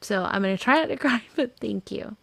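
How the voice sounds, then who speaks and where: A woman's voice: a little high, animated, brisk, creaky, fairly bright tone, dry recording. A woman hosting a video-call interview, emotional and effusive, laughing often. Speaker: host. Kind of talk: casual video-call chat.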